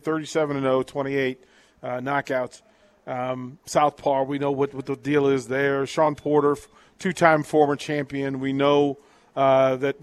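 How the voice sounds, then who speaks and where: Chatty male sports radio host. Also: a little high. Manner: chatty, repeats words and restarts, reads listener texts. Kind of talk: casual call-in sports talk.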